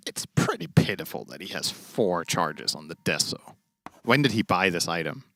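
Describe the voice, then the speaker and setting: Male color commentator with a lowish voice that swings widely, dry joking analysis, music underneath. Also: very animated, moderate pace, vocal fry, heavy background noise. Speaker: esports analyst co-caster.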